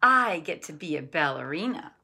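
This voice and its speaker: A woman voicing an earnest little boy who loves to dance, high and emotional. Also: big pitch swings, moderate pace, vocal fry, bright, forceful tone, breathy edge, heavily acted.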